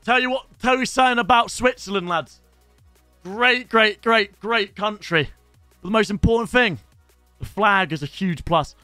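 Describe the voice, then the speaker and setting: Young male streamer, high bright voice, excitable sweary banter. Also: moderate pace, no echo, faint music behind. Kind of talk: casual live-stream pack-opening commentary. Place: home streaming setup.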